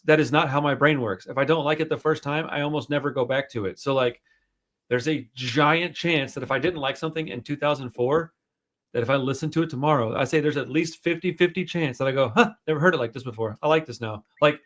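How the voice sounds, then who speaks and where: A man's voice: medium pitch, fairly bright tone. A man hosting a podcast in casual chat, rambling and swearing freely, self-deprecating. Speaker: podcast host.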